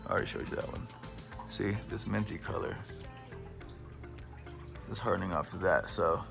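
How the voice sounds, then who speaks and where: Gravelly playful man touring his plants. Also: low voice, fairly even intonation, moderate pace, music in the background. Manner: playful, hyped, slangy, breaks into silly voices. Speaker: plant collector showing his collection. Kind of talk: casual plant tour vlog.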